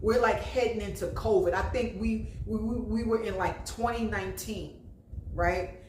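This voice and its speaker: A woman's voice: mid-range voice, fairly even intonation, normal speed, darkish tone, a little hiss or hum. A woman over fifty speaking bluntly and emphatically, giving life advice in a casual monologue. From New Jersey. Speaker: vlogger. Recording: echoey room with faint ambience.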